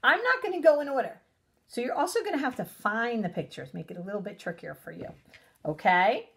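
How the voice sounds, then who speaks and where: A woman teaching a recorded phonics lesson to young children, sounding out letters slowly and praising them warmly. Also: a little high, lively intonation, creaky. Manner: encouraging, sing-song, sounds out letters slowly. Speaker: preschool teacher.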